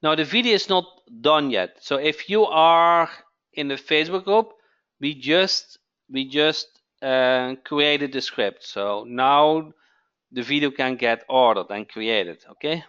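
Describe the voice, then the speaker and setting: A man hosting a live webinar sales pitch, who keeps asking "okay?" and repeats his phrases. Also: expressive, takes it slowly, fairly bright tone, clear, resonant tone, highs cut off. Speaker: webinar host.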